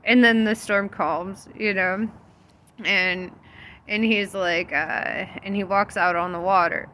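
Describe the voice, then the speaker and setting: A woman's voice: medium pitch, steady tone, slow, pushed and bright, a little hiss or hum. A young woman vlogging about faith in a casual, loose storytelling monologue, laughing often and swearing freely. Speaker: spiritual vlogger.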